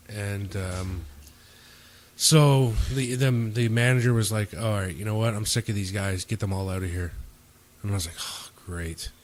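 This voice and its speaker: A man hosting a podcast, telling stories in a relaxed way, swearing and acting out quotes. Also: on the low side. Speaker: podcast host. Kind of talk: casual storytelling. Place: indoors, home.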